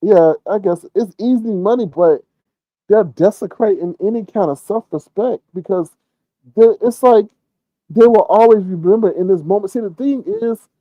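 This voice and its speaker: A man's voice: high voice, normal speed, warm tone, no echo, rough recording. A man giving rambling, profane casual commentary on a livestream and answering chat.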